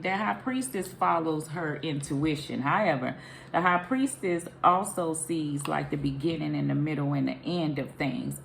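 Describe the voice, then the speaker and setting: Woman tarot reader, gravelly low voice, rambling and intuitive, faint background hiss. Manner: rambling, intuitive, self-questioning. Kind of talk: casual tarot reading.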